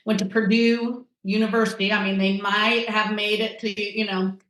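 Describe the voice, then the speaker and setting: A woman's voice: mid-range voice, level tone, moderate pace, fairly bright tone, a little hiss or hum. A woman chatting casually as a podcast guest, rambling with lots of fillers. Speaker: guest, tasting-room wine server. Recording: echoey room.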